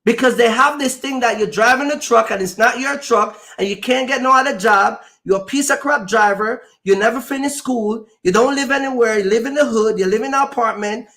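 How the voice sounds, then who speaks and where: A man's voice: extremely high pitch, fairly quick, few pauses, sharp tone. A trucking company owner hosting a chat, telling stories emphatically and acting out the arguments he quotes. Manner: emphatic, acts out quoted exchanges. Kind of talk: animated storytelling chat.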